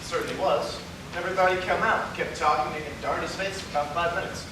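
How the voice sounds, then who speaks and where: A man plays an earnest young newspaperman, eager and friendly. His voice sits high for a man. It is heard from far off in a very echoey hall, under loud noise. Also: fairly even intonation, brisk, close to an everyday voice. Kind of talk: community stage play.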